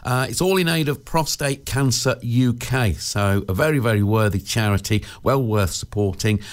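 A man hosts a local radio show from the studio, his voice sitting in a middling pitch. He chats loosely and rambles, filling gaps with 'uh' and restarting his sentences, and laughs at his own little jokes. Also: moderate pace. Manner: chatty and rambling, with frequent 'uh' fillers and restarts. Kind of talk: casual radio chat.

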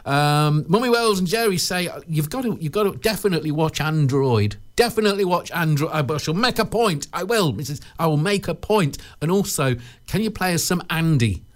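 A man's voice: fairly high pitch, animated, normal speed. A man with an English accent presenting a local radio show, in chatty, jokey banter that rambles and stumbles over repeated words.

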